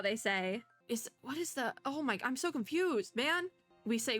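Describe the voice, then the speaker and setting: Bright, chatty young woman gaming. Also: on the high side, animated, unhurried, faint music behind. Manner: chatty, thinks out loud, reads game text aloud. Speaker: VTuber gamer. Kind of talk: casual gameplay commentary.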